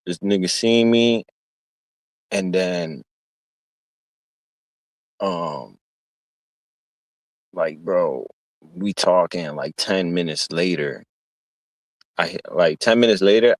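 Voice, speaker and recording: A man with a deep, low voice telling a long story on stream. He talks in loose street slang, swears freely, and often restarts his sentences. The sound is dry and close. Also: no room sound. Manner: slangy, profane, meandering with restarts. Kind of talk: casual storytelling.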